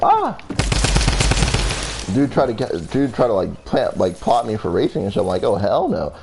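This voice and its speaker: A man's voice: fairly low pitch, expressive, fast talker, creaky, mellow. A young man casually telling a storytime vlog story, rambling and profane with lots of fillers. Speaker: vlogger.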